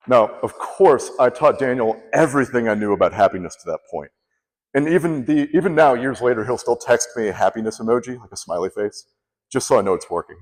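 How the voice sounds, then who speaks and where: Animated man telling a story in a hall. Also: medium pitch, fairly quick. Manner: animated, acts out quoted people. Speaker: contest speaker. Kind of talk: humorous storytelling speech. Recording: long hall reverb.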